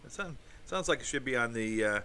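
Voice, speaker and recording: A man's voice: mid-range voice, animated, fast talker, sharp tone, recorded from a distance, slight background noise. A man hosting a casual livestream, chatting with viewers in a rambling way and swearing now and then. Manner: rambling, with asides and crude swearing. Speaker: podcast host reading live chat.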